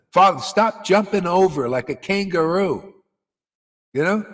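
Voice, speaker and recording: Guy preaching loose and blunt, cusses a lot, bit high voice, big echoey hall. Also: lively intonation, a little slow, a bit bright. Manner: blunt, profane, emphatic preaching with laughs. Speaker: spiritual teacher. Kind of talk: informal devotional sermon.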